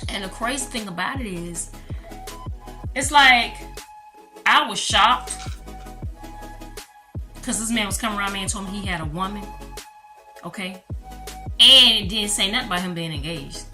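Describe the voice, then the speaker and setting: A bright, forceful woman speaking tells a storytime vlog to her viewers, her pitch swinging high and low as she goes. Soft music plays behind her. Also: moderate pace, pauses often. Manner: animated, talks straight to viewers, calls them y'all. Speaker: vlogger.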